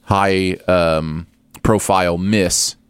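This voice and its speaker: A man's voice: low-pitched, steady tone, very slow, clear, resonant tone, no room sound. A man co-hosting a podcast, chatting casually about a movie with wry, hesitant restarts. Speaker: podcast co-host. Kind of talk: casual movie review chat.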